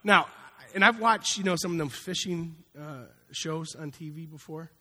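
A man's voice: a little high, normal speed, bright, forceful tone. A man preaching a sermon in a conversational, folksy way, acting out little asides as he goes. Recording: long hall reverb.

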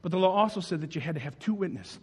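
Male pastor, higher voice, lively sermon delivery that acts out the scenes and swings between loud and hushed. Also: rapid-fire, slightly rough. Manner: animated, acts out the story in voices, rises loud then drops soft.

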